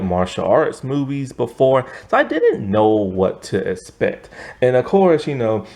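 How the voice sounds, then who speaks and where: A young man from the United States talks through a film in a loose, rambling review. He stumbles over names and restarts his sentences often. His pitch is lively and swings widely as he goes. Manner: rambling, hesitant, many fillers and restarts. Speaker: movie reviewer. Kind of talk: casual movie review.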